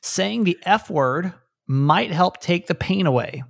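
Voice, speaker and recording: A male podcast host talks casually with his mother, rambling and often stopping to restart a thought. His voice has a gravelly edge, and the sound is dry and close. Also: sits high, expressive, slow pace, no echo. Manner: chatty, laughing, restarts sentences. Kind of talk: casual chat.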